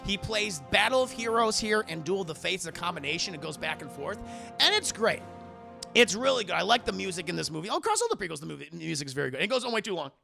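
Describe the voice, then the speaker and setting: A man's voice: high-pitched, sing-song, fast, vocal fry, bright, forceful tone, faint music behind. A man streaming a casual spoiler film review, crude, profane and rambling, laughing often.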